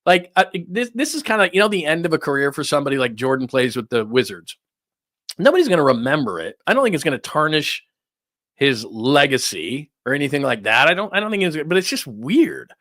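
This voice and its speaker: Middle-aged male sports talk host, bright dry voice, rambling incredulous rant with restarts. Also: a little high, big pitch swings, brisk, no echo.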